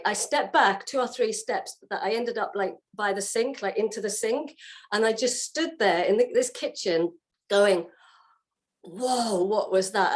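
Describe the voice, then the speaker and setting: A woman, a guest on an interview show, telling her personal story in a casual way and acting out her own past reactions. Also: mid-range voice. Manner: animated, acts out what she said and felt. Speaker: guest sharing her testimony.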